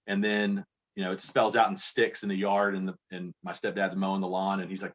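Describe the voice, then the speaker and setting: A man from Kentucky talking in a fairly low voice, telling loose, self-deprecating stories as an interview guest. His sound is dull and lo-fi, as over a video call. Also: monotone, a little fast, fairly bright tone. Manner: rambling, self-deprecating storyteller. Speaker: guest contest entrant. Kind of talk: casual interview chat.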